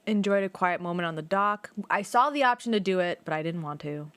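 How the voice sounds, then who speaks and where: Quick and clear, her fairly low voice has a resonant tone and no echo. A young female streamer rambles animatedly through casual stories as she plays, leaning heavily on "like" and dropping an occasional swear.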